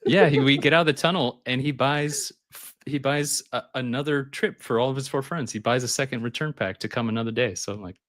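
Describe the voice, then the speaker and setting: Speaking briskly and with few pauses in a medium-pitched voice, this male skydiving instructor guests on a podcast with no echo. His storytelling is casual and animated, full of laughter and voices acted out from his anecdotes.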